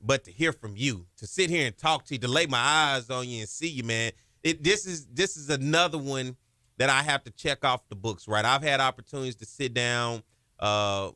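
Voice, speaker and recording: A man's voice: medium pitch, pushed and bright, no echo, studio quality. A man hosting a podcast, eagerly reacting to and prompting his guest in a casual interview. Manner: enthusiastic, quick to react and prompt. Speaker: podcast host.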